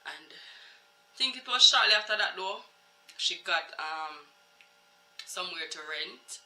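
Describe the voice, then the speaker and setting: A vlogger with a Jamaican accent tells a personal story in an earnest, emotional patois. The voice is very bright, with a sharp edge. It sits in a roomy space with a clear echo. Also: mid-range voice, lively intonation, slow. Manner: emotional, earnest, talks straight to viewers in patois.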